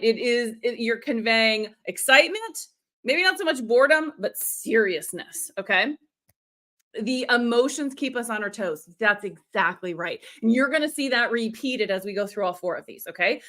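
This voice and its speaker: A middle-aged woman runs a live storytelling lesson. Her voice sits a little high and sounds bright. She keeps things animated, demonstrates voices and answers viewer comments as they come in. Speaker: storytelling coach. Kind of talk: live-streamed training.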